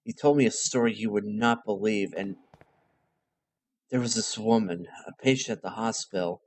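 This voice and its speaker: A man's voice: lowish voice, moderate pace, no room sound, close to an everyday voice. A man reading the lines of a shaken male investigator in a plain, urgent voice.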